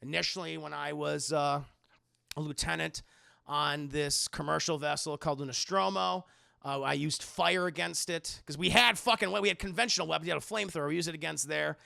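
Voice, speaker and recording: Weary woman officer, slow and flat, played by a man with a gravelly voice. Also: a little high, dry recording, exaggerated voice. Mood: tired explaining.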